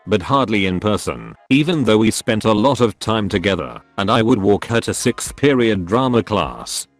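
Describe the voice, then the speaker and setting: A man with a fairly low voice narrates online stories in an even, steady reading tone. Soft music runs faintly underneath him. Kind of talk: scripted narration of online posts. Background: faint background music.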